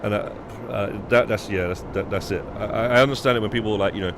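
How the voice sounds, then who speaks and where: Speaking fast with fairly even intonation, a young UK streamer rambles through his game in casual chat, swearing and restarting sentences. His voice is on the low side, and the background is noisy.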